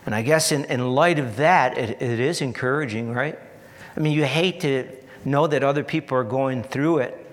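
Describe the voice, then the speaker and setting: A man preaching a sermon in an earnest, repetitive style, building to emphatic peaks and dropping to soft asides. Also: mid-range voice, moderate pace, big-room sound. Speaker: pastor.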